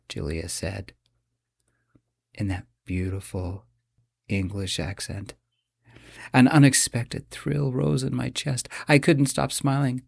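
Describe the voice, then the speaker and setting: A man narrating a first-person romance audiobook in an expressive, dramatic way. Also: medium pitch, takes it slowly, creaky, long pauses, breathy edge, no room sound, clean studio sound.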